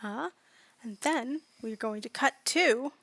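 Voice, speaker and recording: A woman's voice: on the high side, takes it slowly, fairly bright tone, dry recording. A woman game master casually narrating a tabletop game, with many fillers in her descriptions.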